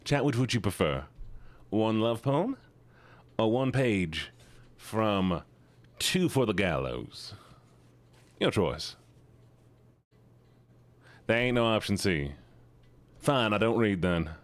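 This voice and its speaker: This livestreaming man speaks slowly with lively intonation, pausing often as he chats with viewers. Playful and self-mocking, he frequently jokes at his own expense, his pitch leaping abruptly.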